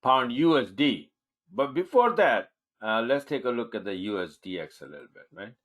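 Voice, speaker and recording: A man's voice: medium pitch, big pitch swings, normal speed, gravelly, fairly bright tone. A man teaching forex trading in a live webinar, thinking aloud as he marks up charts, with punchy emphasis on key moves.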